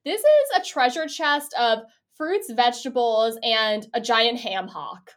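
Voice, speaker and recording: Woman, podcast co-host, casual chat, animated, laughs a lot, fairly high voice. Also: unhurried. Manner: chatty, animated, laughs often, swears casually. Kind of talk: casual chat recapping a reality show.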